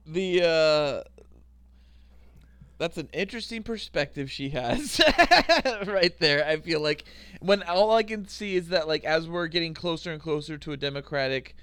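A young man co-hosting a podcast, joking around and chiming in with quick remarks. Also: a little high, fairly bright tone, smooth, no room sound. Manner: joking, quick interjections, laughs often. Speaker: podcast co-host. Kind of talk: casual chat.

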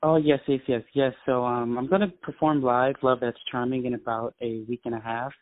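A man's voice: mid-range voice, flat delivery, fairly quick. Eager male musician on a phone line. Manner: eager, fillers. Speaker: musician guest. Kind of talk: casual interview over the phone.

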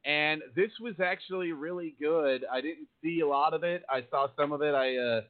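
A man's voice: on the high side, normal speed. Rambling man on a phone-thin line. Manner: rambling, laughing. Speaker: podcast host. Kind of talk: casual podcast chat. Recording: phone-like lo-fi call audio.

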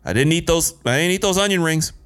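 A man's voice: fairly high pitch, lively intonation, fast talker, a bit bright, clean tone. A man in his late thirties telling a personal story in an earnest, emphatic way, building his points through repetition. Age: late 30s.

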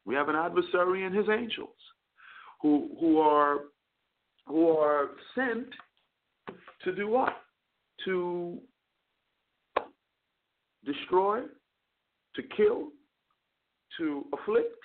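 Man preaching on a call-in radio show, gravelly voice, sounds like a tinny phone line, stumbles on repeated words. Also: sits high, expressive, takes it slowly, pauses often. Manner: repeats words while preaching, rises into fervent crescendos. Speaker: radio talk show host and chaplain.

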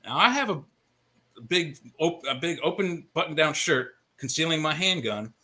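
Bright-voiced man telling a story. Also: fairly high pitch, lively intonation, moderate pace. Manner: storyteller, builds to punchlines. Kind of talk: casual talk show storytelling.

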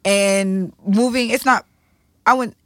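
A woman's voice: mid-range voice, steady tone, slow pace, no room sound. Podcast co-host, woman in her thirties, blunt and confessional, drops profanity, dry close-miked sound. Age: 30s. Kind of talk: candid podcast conversation.

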